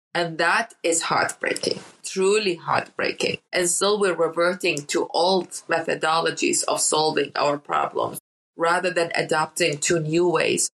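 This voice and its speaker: A woman's voice: fairly low pitch, a bit bright, husky, low-quality recording. A woman from Iraq, an interview guest telling emotional stories and repeating words for emphasis. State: emotional, near tears. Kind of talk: emotional storytelling in conversation.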